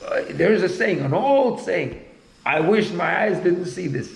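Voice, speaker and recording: A man's voice: sits high, animated, unhurried, creaky, roomy sound, low-quality recording. A man in casual conversation, talking bluntly and rambling, often repeating himself.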